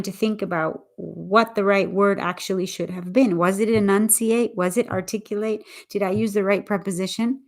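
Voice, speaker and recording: A woman English teacher talking casually on a livestream, explaining her point in a thoughtful, deliberate way with frequent restarts. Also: medium pitch, steady tone.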